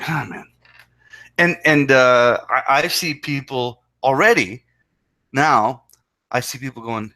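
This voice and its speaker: A man's voice: mid-range voice, slow pace, long pauses, pushed and bright. A man co-hosting a casual chat podcast, talking in an incredulous, profane and emphatic way. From Canada. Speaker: podcast co-host.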